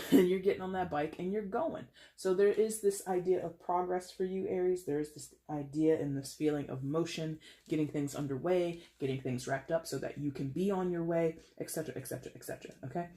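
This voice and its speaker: With a deep, creaky, warm voice, a woman does a relaxed tarot reading, chatting and rambling full of filler like "you know" and "like." She tosses in playful asides and laughs quickly.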